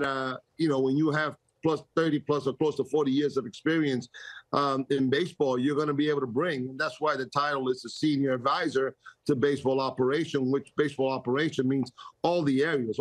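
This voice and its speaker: A man's voice: mid-range voice, no echo. An older man, a guest on a casual radio interview, talks in a rambling, self-correcting way and laughs easily. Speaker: guest, baseball executive.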